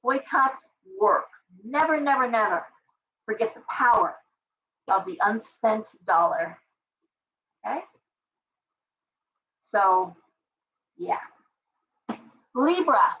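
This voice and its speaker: A middle-aged woman hosting a casual livestream tarot reading, chatty and ranting with animated asides. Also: medium pitch, drawn-out words, long pauses, distant mic, dull audio, slight background noise. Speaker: tarot reader and live stream host.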